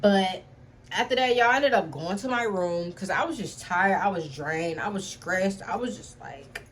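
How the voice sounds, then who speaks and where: A young woman telling a personal story to camera in a casual vlog, animated, talking straight to her viewers with a constant "y'all" and swearing freely. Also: mid-range voice, moderate pace. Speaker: storytime vlogger.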